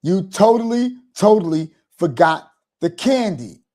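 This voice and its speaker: Wife figure voiced by a man, hurt, accusing, higher-pitched, pleading. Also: lively intonation, a little slow, dark tone, slightly rough, exaggerated voice.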